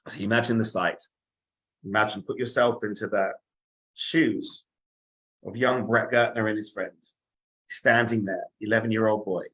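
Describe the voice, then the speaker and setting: A male rabbi tells a story in sermon style, dramatic and animated. He acts out the scenes as he goes, building toward the big moments. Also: on the low side, moderate pace, long pauses, low-quality recording.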